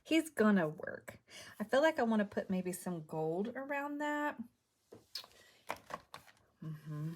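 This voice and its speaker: A woman talks through her craft project in a loose, chatty way, often dropping into near-whispered asides to herself. Her pitch sits in an ordinary middle range. A faint hiss of background noise sits under the recording. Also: sing-song, takes it slowly, pauses often. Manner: chatty, muttering to herself while working. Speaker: craft video host. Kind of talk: casual crafting chat. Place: home craft room.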